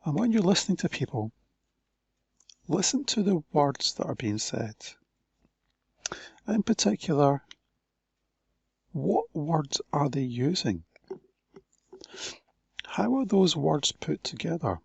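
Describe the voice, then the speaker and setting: A man delivers a conference talk in a slow, measured way, leaving pauses between his phrases. His voice sits a little high for a man and has a husky, gravelly grain. The sound is dry and close, with little room around it. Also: very animated, no room sound, lo-fi sound. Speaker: conference speaker.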